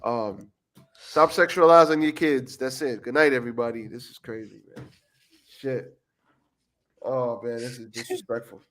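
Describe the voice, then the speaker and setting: A man's voice: mid-range voice, moderate pace, a bit bright. Tired, rambling man podcasting late. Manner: rambling, self-mocking, swears a lot. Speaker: podcast co-host. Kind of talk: casual livestream podcast chat.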